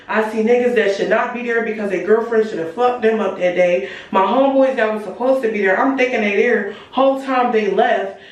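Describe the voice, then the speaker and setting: A teenage girl telling a story to her viewers in a lively, profane, chatty way, talking straight to the audience as y'all. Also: on the high side. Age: late teens. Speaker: storytime vlogger. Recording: very echoey room, voice far from the mic.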